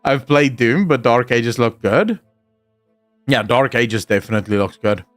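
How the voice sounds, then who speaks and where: A mid-pitched man chatting casually on a live stream, reading viewer comments aloud and answering them. His voice is close and dry on a home desk mic. Soft music plays faintly behind him. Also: measured pace, no room sound.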